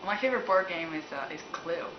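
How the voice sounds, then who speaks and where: Low-voiced woman from Canada, candid and giggly, roomy, muffled, noisy room sound. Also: lively intonation, fast talker. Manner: laughs often, rambling and candid. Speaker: musician answering fan questions. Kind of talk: casual chat. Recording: roomy, dull, noisy recording.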